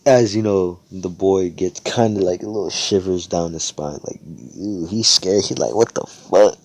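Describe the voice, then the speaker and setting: A man's voice: deep voice, moderate pace, no room sound. A young man casually telling a rambling, profane fan-fiction story over voice chat, acting out the characters' lines as he goes. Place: Discord voice chat. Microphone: headset or desk mic on voice call.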